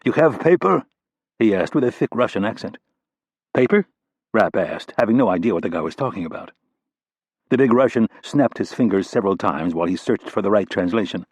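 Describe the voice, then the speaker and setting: Low, husky male audiobook narrator. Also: quick pace, a little mellow, no echo. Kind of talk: scripted narration.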